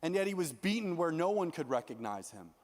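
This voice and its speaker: A young man preaching a sermon as youth pastor, earnest and animated, often restarting his sentences. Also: fairly high pitch, fairly quick, in a large hall.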